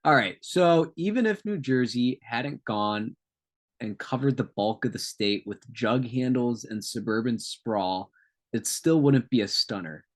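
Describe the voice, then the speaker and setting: A man's voice: mid-range voice, animated, measured pace. A man co-hosting a casual podcast, reading notes aloud with joking asides and tangents. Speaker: podcast co-host.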